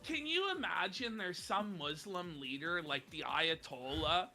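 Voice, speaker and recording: Brief: mock-serious male co-host, high animated voice, music behind. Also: unhurried, few pauses. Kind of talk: casual chat.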